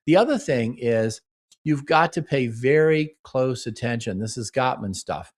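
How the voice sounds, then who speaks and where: An earnest middle-aged man hosts a relationship advice show, coaching listeners in a steady voice of ordinary pitch. He keeps slipping into short acted exchanges between partners to show how to talk. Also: unhurried. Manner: earnest, acts out sample dialogue with partners. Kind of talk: radio-style advice talk.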